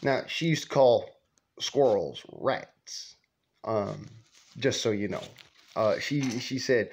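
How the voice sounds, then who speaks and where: A man's voice: on the low side, animated, slow pace, gravelly, darkish tone, breathy edge. A man casually telling a personal anecdote, rambling and digressing with profanity and chuckles. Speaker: storyteller. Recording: muffled lo-fi recording.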